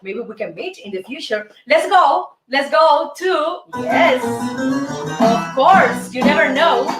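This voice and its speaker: A woman's voice: high-pitched, expressive, slow pace. Playful woman in an echoey room. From Cuba. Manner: playful, counts beats aloud. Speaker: show host and dance teacher. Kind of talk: salsa dance lesson. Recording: echoey room, distant mic, music behind.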